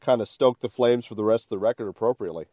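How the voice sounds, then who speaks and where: A man's voice: medium pitch, racing, mellow, no room sound, clean studio sound. Man asking long rambling questions. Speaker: interviewer. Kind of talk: casual interview chat.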